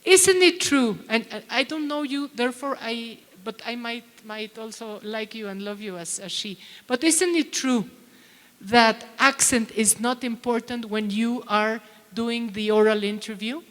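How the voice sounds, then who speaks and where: At a teachers' conference, a middle-aged woman delivers a plenary talk in a chatty style, often putting questions to the audience. She speaks at normal speed with a slightly high, fairly bright voice and fairly even intonation, and a long hall reverb surrounds her.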